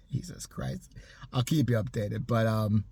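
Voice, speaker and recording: A man's voice: on the low side, slow pace, dark tone, breathy edge. A man telling a profane, sarcastic story about his neighbor in a casual rant. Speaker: vlogger.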